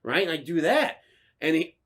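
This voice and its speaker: A young man casually telling a story on a podcast, swearing constantly and bursting into shouted insults as he acts out the other driver. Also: a little high, big pitch swings, normal speed. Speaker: podcast co-host.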